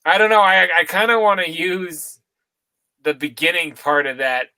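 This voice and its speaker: A man's voice: sits high, lively intonation, moderate pace, bright, forceful tone, dry recording, rough recording. A young man hosting a podcast, joking and swearing in casual chat. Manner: joking, laid-back, profane. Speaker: podcast host.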